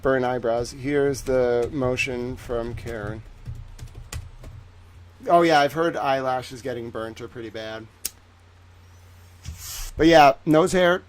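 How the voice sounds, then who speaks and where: A young man hosting a livestream, talking casually in a chatty, rambling way that turns animated when he is indignant. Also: medium pitch. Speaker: livestream host.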